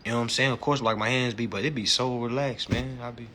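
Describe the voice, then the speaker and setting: A man hosting a casual livestream chat, animated and profane, laughing often and peppering his talk with slang. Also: mid-range voice, quick pace, slight background noise. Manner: slangy, repeats "you know what I'm saying". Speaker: livestream host.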